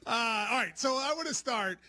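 A man from Kentucky hosts a sports talk show with a high, bright voice. He keeps the chat loose, teasing his co-host between game talk. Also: animated, moderate pace, no echo. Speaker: sports radio and podcast host.

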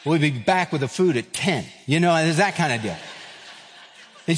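A pastor in his fifties delivers a sermon with a slightly high voice, full of animated storytelling. He acts out the people in his anecdotes. The sound rings with the long reverb of a big church hall. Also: normal speed, long pauses, a little hiss or hum. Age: 50s.

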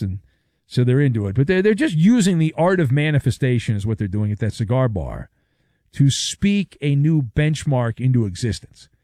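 A man's voice: a little high, dry recording, clean studio sound. Sarcastic wisecracking sports radio man. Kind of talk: sports talk monologue.

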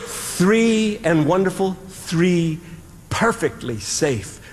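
Animated male comedian in a big hall. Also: sits high. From American Midwest farm country. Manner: animated, drawn-out pauses, makes sound effects. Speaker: stand-up comedian. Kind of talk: stand-up storytelling. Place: large hall with audience. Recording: live hall reverb with faint ambience.

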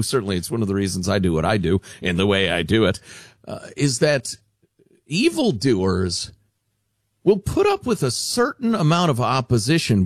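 A man hosting a radio talk show, sardonic and animated, fond of deadpan mockery. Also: mid-range voice, no echo, clean studio sound.

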